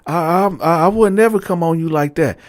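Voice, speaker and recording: A man's voice: fairly high pitch, brisk, dry recording, studio quality, voice pushed up, natural voice. A man voicing a meek older male inmate who stammers and apologizes in a raised, fluttering voice. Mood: flustered.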